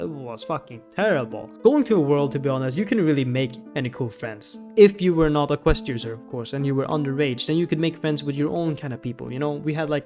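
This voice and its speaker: A man ranting in a rambling, profane and exasperated way, giving commentary as a gaming YouTuber. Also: fairly high pitch.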